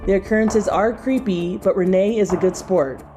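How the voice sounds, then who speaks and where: A woman's voice: mid-range voice, normal speed, mellow, soft background music. A woman reporter reading a scripted news narration.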